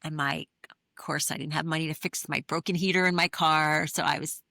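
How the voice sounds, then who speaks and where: A woman's voice: deep voice, fairly even intonation, brisk, vocal fry, pushed and bright, dry recording, clean studio sound. A middle-aged woman, an interview guest, telling a personal story in an earnest, candid way with many fillers. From New England. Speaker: interview guest, therapist and author.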